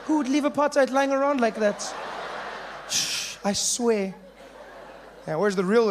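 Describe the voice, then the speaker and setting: High-voiced South African comedian. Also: male voice, normal speed, vocal fry, noisy background. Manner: animated storytelling with punchy asides. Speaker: stand-up comedian. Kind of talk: stand-up comedy.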